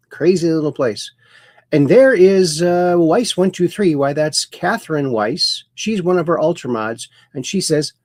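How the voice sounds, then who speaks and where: Older male host, unhurried and gravelly, folksy chat-reading on a livestream, dry close mic. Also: on the high side, animated, dry recording. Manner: slow, folksy, playful sing-song announcing of viewers. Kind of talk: casual livestream chat, reading chat messages aloud.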